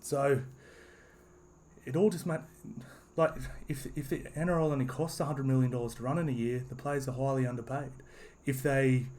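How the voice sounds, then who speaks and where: A man talks through his opinion in a loose, rambling monologue, restarting sentences and leaning on "you know". His voice sits at an ordinary middle pitch. Faint background noise sits under the recording. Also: fairly even intonation, moderate pace, long pauses, darkish tone. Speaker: sports commentary vlogger.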